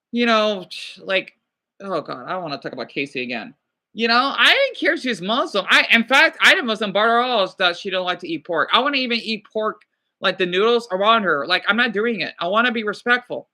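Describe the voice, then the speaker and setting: High, sharp-voiced rambling male streamer. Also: lively intonation, fairly quick. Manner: rambling, swearing, apologetic. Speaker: livestreamer. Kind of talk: casual livestream chat, reading viewer comments.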